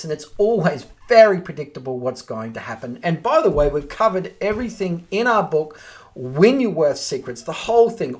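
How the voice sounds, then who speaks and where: Man coaching on phone scripts. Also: fairly high pitch. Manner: direct, coaching, acts out sample phone scripts. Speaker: real estate trainer. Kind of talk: instructional talk to camera.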